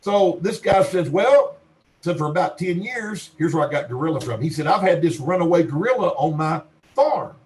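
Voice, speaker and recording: A man's voice: on the high side, animated, a little fast, darkish tone, slight background noise, low-quality recording. A middle-aged man with a Western Kentucky accent, a researcher telling folksy, rambling stories on a podcast and acting out the people he quotes. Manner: folksy rambling storyteller, acts out quoted dialogue. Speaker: Bigfoot researcher guest. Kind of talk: podcast interview storytelling.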